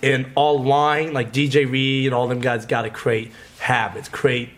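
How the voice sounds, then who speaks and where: A man's voice: mid-range voice, little pitch movement, normal speed. A man who is a podcast guest, talking casually and rambling with many fillers. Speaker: guest, die-hard football fan. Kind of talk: casual chat.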